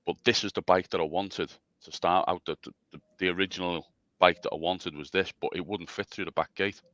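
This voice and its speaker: Guest man, very low voice, dry and muffled sound, rambling casual chat. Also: steady tone, a little fast, a bit bright, dry recording. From England. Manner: rambling, self-deprecating, stammering restarts. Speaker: special guest.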